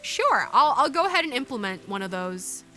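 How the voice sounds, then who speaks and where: A woman's voice: a little high, sing-song, normal speed, pushed and bright. A woman streaming a video game, chatting casually with her viewers, musing aloud and cooing at the creatures on screen. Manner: chatty, muses aloud and answers chat, coos at game creatures. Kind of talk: casual live-stream commentary. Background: faint game music.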